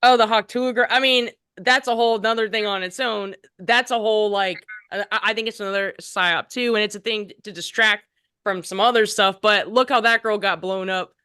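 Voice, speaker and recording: Woman on a podcast, bright smooth voice, earnest, lots of "like". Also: medium pitch, fairly even intonation, normal speed, dry recording, clean studio sound. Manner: earnest, laughs easily, says "like" often. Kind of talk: casual chat.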